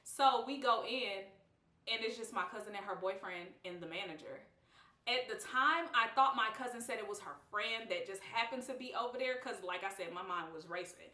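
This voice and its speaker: A young woman tells a storytime for her vlog, blunt and slangy, laughing often and playing out what everyone said. Her voice is bright and forceful. She sits a bit back from the mic in a roomy, echoey space. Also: medium pitch, moderate pace. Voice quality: animated, expressive, lively quoting of others. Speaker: vlogger. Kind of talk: casual storytime. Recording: roomy, slightly distant mic.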